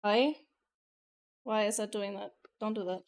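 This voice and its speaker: Talking with her live viewers in a medium-pitched voice at a measured pace, a woman VTuber keeps things casual. Excitable and profane, she shifts between loud outbursts and murmured asides.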